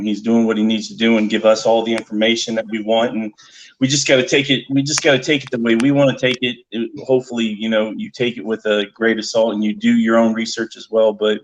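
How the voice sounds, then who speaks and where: A man's voice: lowish voice, muffled recording, slight background noise. A man talking as a guest on a sports podcast, wry and amused, hesitating with lots of fillers. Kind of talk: casual sports podcast chat.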